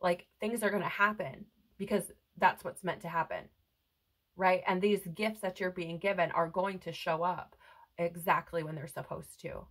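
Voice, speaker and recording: Speaking close to the mic with headphones on, a woman reads tarot for her viewers in a spiritual, reassuring, earnest way, often asking "right?". Her voice sits on the low side, a bit bright, with fairly even intonation and a moderate pace, over poor audio.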